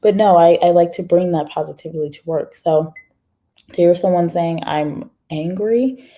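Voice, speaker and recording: Woman chatting on a livestream, lowish voice, warm and mellow, talks right to her viewers. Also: steady tone, normal speed. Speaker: livestream host reading viewer comments. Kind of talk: casual livestream chat.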